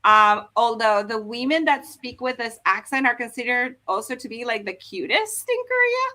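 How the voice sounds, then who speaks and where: Bright-voiced woman explaining casually. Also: on the high side, sing-song, normal speed. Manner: chatty, explanatory, many fillers and restarts. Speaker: host explaining Korean dialects. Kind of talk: casual live-stream chat.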